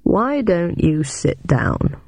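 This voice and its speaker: A man doing a hushed, measured forties agent. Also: fairly high pitch, very animated, vocal fry, no room sound, exaggerated voice. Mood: guarded. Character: calm middle-aged male special agent, scarred and guarded.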